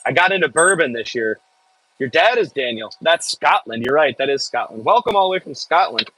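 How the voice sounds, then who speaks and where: A farm worker streams live from an excavator, chatting casually in a Midwestern American accent and reading viewer comments aloud with joking asides. His voice is on the high side, sharp and brisk, with lively intonation, in a rough recording.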